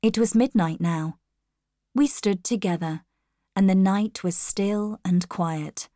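A woman narrating a storybook in the first person, reading clearly and carefully. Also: medium pitch, slow pace, dark tone, dry recording, clean studio sound. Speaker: audiobook narrator.

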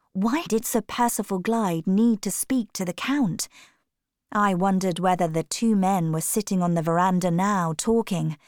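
A woman narrating an audiobook in the first person, reading in a measured, careful way. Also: mid-range voice, darkish tone, no room sound, clean studio sound.

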